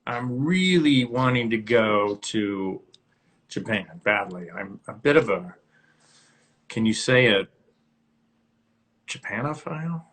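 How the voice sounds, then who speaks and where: A man's voice: lowish voice, lively intonation, takes it slowly, long pauses, a bit bright. A man hosting his own casual livestream from home on a phone, rambling and chatty, now and then scolding his barking dog. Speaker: host of his own live stream.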